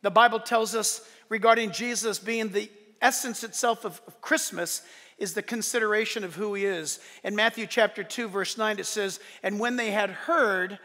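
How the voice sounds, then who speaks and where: A man preaching in a very high, bright voice that rings through a large hall. His delivery is emphatic and animated. He breaks off into joking asides before driving his point home again. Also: normal speed. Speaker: pastor. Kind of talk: sermon. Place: church sanctuary during a service. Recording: long reverb of a large hall.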